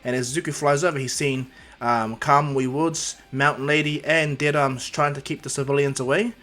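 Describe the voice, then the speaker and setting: A man's voice: medium pitch, fairly even intonation, normal speed, fairly bright tone, faint music behind. A man casually narrating a fan-made superhero story, rambling with fillers and restarts.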